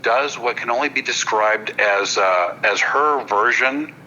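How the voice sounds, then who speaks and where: A hypnotist comedian appearing as a podcast guest tells a casual anecdote in a very bright, sharp-edged, mid-range voice. He halts, repeats words, and doubles back as he builds the story, apologizing and checking in with listeners. The recording is muffled, with faint noise underneath.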